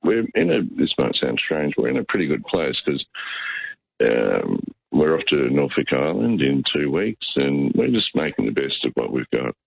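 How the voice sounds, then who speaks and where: Very deep gravelly Australian man on a call. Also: big pitch swings, normal speed. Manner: rambling storyteller, frequent restarts. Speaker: caller. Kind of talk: phone-in chat. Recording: muffled phone line.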